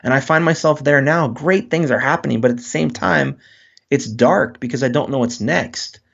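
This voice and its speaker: A man speaks as a guest in an interview, earnest and open, often stumbling and restarting his thoughts. His voice has a gravelly fry and sits at a middle pitch. The recording sounds dull and lo-fi. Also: moderate pace, fairly bright tone. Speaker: guest author. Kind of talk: reflective interview talk.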